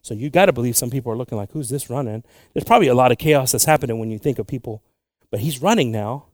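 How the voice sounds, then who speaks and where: A man's voice: medium pitch, fast, no echo. A man preaching a bilingual sermon, switching between Spanish and English with joking asides.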